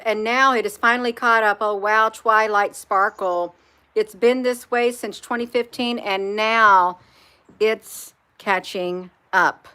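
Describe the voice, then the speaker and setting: On a live stream, a woman with a sharp voice on the high side talks earnestly as a spiritual vlogger. She's repetitive for emphasis and keeps reading chat comments aloud.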